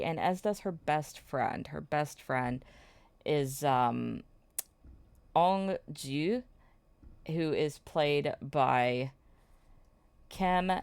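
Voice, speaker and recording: A woman's voice: low-pitched, gravelly, dry recording. A woman host casually recapping a drama plot, chatty with frequent fillers and laughs.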